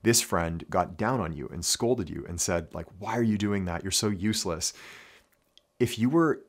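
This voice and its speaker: Deep-voiced man coaching earnestly. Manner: earnest and reflective, repeats key phrases for emphasis. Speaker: basketball coach. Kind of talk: instructional talk to camera.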